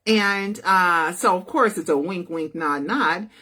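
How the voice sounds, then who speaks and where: A woman's voice: on the low side, slow pace, pushed and bright. A woman telling a story to her viewers in a casual, chatty way, often checking in with "right?" and "okay?". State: feeling unwell.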